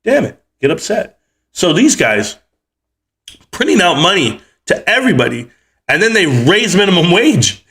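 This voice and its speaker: A man's voice: sits high, big pitch swings, normal speed, fairly bright tone. Heated, cussing man in his forties. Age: 40s. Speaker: livestream host. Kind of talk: ranting livestream commentary.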